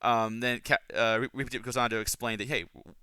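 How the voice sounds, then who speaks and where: A man hosts a podcast in a bright, crisp, clear voice, talking casually and eagerly through his analysis. He rambles and restarts his sentences often, his enthusiasm carrying him along. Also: mid-range voice, flat delivery, quick pace, no room sound. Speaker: podcast host. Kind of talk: casual book and film analysis.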